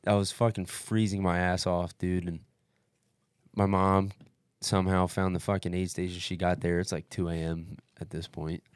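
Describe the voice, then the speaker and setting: A young man telling a long story in casual podcast chat, animated, swearing constantly and calling everyone "dude". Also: sits low, normal speed, clean tone, dry recording, studio quality. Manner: profane, animated, says "dude" often. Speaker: podcast guest recounting an ultramarathon.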